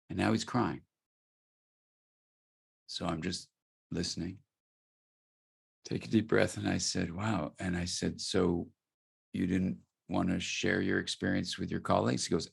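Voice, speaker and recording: A man from the United States, a guest expert, telling a story in an interview answer, soft-spoken and dropping nearly to a murmur. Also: low voice, fairly even intonation, moderate pace, creaky, slightly rough.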